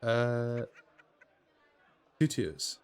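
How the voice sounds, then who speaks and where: A man talks through a video game dice match in unhurried, drawn-out phrases. His pitch swings widely as he calls bets, and he bursts out with laughs and curses at close calls. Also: expressive, a little mellow, clear, resonant tone, a faint crowd. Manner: reads in-game dialogue aloud in plain voice. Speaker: gamer playing a dice game. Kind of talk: casual let's play commentary.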